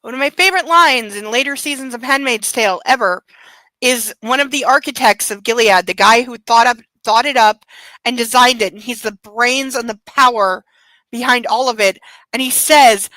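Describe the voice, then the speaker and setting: A woman's voice: on the high side, normal speed, pushed and bright, no room sound, rough recording. A woman hosting a book club livestream, talking in a blunt, profane, emphatic way. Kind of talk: casual livestream commentary.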